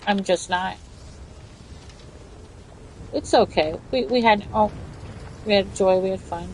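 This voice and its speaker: A woman streaming a game, chatting casually, swearing and yelling for help in bursts. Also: medium pitch, slow, a little hiss or hum, poor audio. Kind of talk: casual gameplay commentary.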